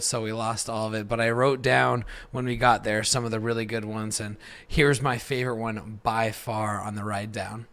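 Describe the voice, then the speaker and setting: A man's voice: mid-range voice, a bit bright. A young man hosting a podcast, telling a casual, profane story with easy laughter. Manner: laid-back, profane, laughs through his stories. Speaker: podcast host.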